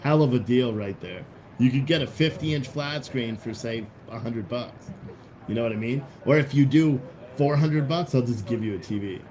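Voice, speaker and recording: A man's voice: medium pitch, normal speed, mellow. Blunt rambling man hosting a livestream. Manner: rambling, blunt, profane, with restarts. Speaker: livestream host. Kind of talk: casual livestream commentary reading chat.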